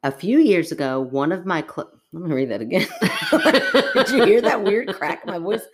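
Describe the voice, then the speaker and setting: A woman co-hosting a laid-back podcast, her lowish voice bouncing all over as she jokes around. She laughs often and keeps the chat playful and loose. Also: huge pitch swings, moderate pace. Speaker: podcast co-host. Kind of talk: casual chat.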